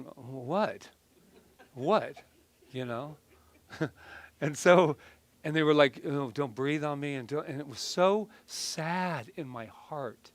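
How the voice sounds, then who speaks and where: Chatty male minister, slightly high voice. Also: dry recording. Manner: chatty, self-deprecating storytelling with frequent restarts. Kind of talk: conversational sermon.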